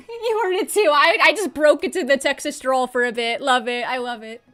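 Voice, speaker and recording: A woman's voice: high voice, normal speed, a bit bright, faint music behind. A young adult woman chatting casually and bubbly while livestreaming a game from home, laughing often.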